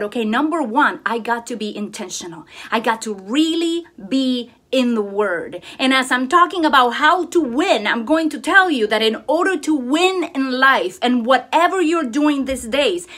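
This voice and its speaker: A woman vlogs a laid-back craft tutorial that drifts into devotional talk. She speaks at a fairly high pitch, full of enthusiastic, expressive exclamations.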